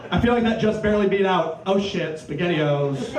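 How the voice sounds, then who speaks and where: A young man from Iowa performing a stand-up set, deadpan and dropping into silly voices for punchlines. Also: high-pitched, fairly quick, few pauses, a crowd in the background. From Cedar Valley, Iowa. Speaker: stand-up comedian. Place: comedy club stage. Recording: echoey club from far off.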